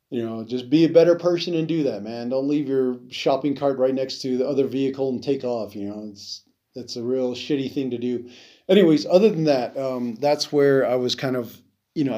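Rambling man with a mellow, dark voice. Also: mid-range voice. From Navajo reservation. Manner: rambling, many fillers and restarts, casual swearing. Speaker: podcast host. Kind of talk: rambling solo podcast monologue.

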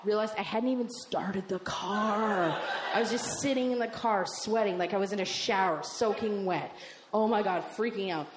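A woman doing stand-up comedy on stage, telling a brash, profane story and acting out the dialogue in quick voices. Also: medium pitch, reverberant, background noise.

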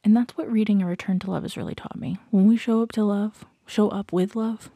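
A woman hosting a podcast gives a slow, reflective motivational talk, often sinking into soft whispers and repeating questions to the listener. Her voice is mid-range, slightly rough and fairly even in intonation, recorded with no echo.

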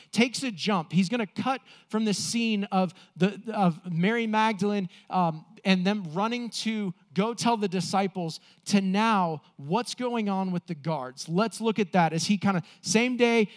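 A man preaching a sermon as pastor, earnest, slowing down for emphasis and acting out the quotes he reads. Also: sits high.

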